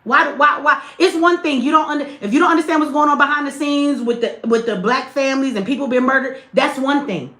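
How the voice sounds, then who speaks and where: A woman's voice: high voice, fast talker, hardly any pauses, pushed and bright, reverberant. A woman hosting a livestream, talking bluntly to her chat with plenty of cursing. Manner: blunt, profane, talks straight to chat. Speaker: livestream host. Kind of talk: livestream commentary.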